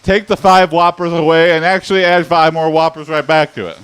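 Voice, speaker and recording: A man's voice: a little high, fairly even intonation, fairly quick, a bit bright, clear, resonant tone. A man streaming live, chatting casually and telling loose stories, laughing often.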